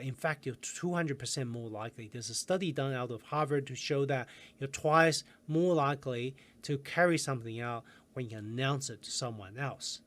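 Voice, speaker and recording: A man coaching viewers in a self-help video lesson, calm and guiding, slowing down with pauses for breathing exercises. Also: mid-range voice.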